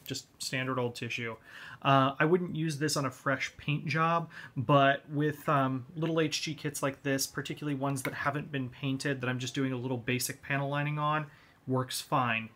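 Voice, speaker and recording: A man talks through a model kit tutorial, explaining one step at a time in an unhurried, easygoing way. His voice sits in an ordinary middle pitch. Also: steady tone, fairly bright tone. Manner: laid-back step-by-step explaining. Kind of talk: hobby tutorial.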